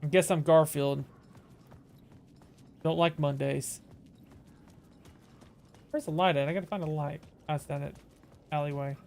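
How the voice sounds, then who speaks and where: A man with a rather high voice chats casually while he plays, the host of his own stream. He drifts from story to story and restarts sentences often, in an easygoing, rambling way. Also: fairly even intonation, unhurried, creaky, long pauses, a little mellow, slight background noise. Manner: rambling anecdotes with frequent restarts. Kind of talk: casual chat while gaming.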